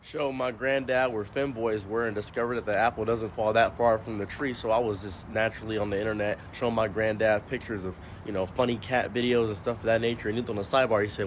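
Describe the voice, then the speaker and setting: A man telling a funny story about his grandfather, acting out the quotes with lively shifts in voice. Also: mid-range voice, quick pace, slight background noise. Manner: animated, puts on voices for quotes. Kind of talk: comedic storytelling.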